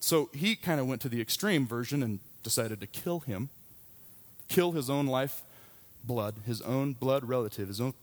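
A man's voice: mid-range voice, normal speed. Candid pastor in his thirties preaching. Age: 30s. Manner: candid, conversational storytelling. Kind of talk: sermon.

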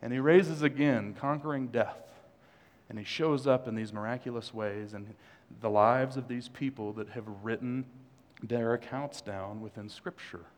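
A man's voice: mid-range voice, a little slow. A male pastor preaching a sermon in a church, conversational, with joking asides to the congregation. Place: church sanctuary. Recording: long hall reverb.

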